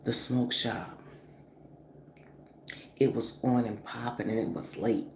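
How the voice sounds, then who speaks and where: A woman in her forties from the northeastern US telling a story in a casual, animated, profane vlog style, full of fillers. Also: rumbling low, takes it slowly. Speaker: vlogger. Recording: echoey room with faint noise.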